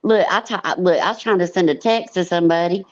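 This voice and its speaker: A woman's voice: fairly low pitch, brisk, lo-fi sound. A middle-aged woman chatting casually as a livestream panel guest, rambling and blunt, swearing freely and full of fillers. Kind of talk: casual chat.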